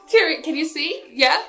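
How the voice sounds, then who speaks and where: A young woman chatting casually and excitedly as she reacts to a music video, full of "like" and "yo". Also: high voice, takes it slowly. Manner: expressive, animated, lots of "like" and "yo". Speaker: K-pop reaction vlogger.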